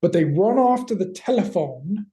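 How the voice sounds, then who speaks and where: A woman co-hosting a podcast, recapping an episode in a wry, deadpan way. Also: fairly low pitch, normal speed, reverberant. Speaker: podcast co-host.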